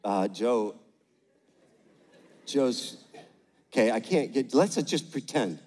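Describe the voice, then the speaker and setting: An older man preaching a sermon on stage, energetic with the crowd and gentle with a child. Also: mid-range voice, slow pace. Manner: energetic, rallies the crowd with call-outs; gentle and playful when talking to a child. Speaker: pastor. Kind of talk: sermon with a live demonstration. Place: large church auditorium, on stage. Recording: echoey large church hall.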